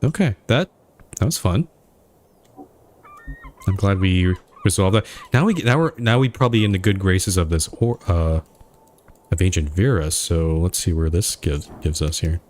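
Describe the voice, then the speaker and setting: A man's voice: sits low, normal speed, pauses often, darkish tone. A man streaming a role-playing game, reading its dialogue and narration aloud and reacting with dry remarks between lines. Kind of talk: let's play with game text read aloud. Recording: faint music behind the voice.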